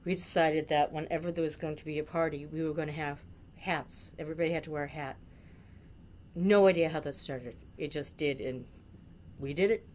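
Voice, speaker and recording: A woman's voice: low-pitched, steady tone, fairly quick, darkish tone, a little hiss or hum. A middle-aged woman from Massachusetts telling a funny memory about a friend, with dramatic, jokey exaggeration. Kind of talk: storytelling tribute.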